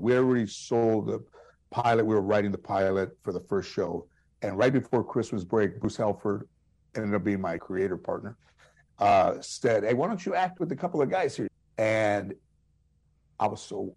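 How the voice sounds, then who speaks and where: A man with a Chicano English accent, a comedian guest telling animated anecdotes full of quoted voices and restarts. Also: lowish voice, creaky, husky. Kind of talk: storytelling interview.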